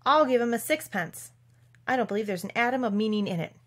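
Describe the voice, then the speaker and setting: A woman's voice: on the high side, expressive, fast, a bit bright. A woman voicing a bold, outspoken young girl who talks back indignantly in a storybook reading. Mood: scornful.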